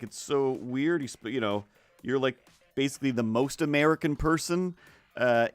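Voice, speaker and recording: A man of middle pitch who talks casually while drawing on a stream. He rambles in loose, restarting sentences and often drops into silly voices. The sound is dry and close, with faint music underneath. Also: smooth, no room sound. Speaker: art streamer.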